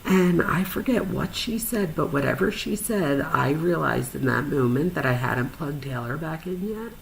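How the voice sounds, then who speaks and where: Woman, low voice, gravelly fry, animated storytelling, chatty fillers, podcast host. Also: normal speed, a little hiss or hum, rough recording.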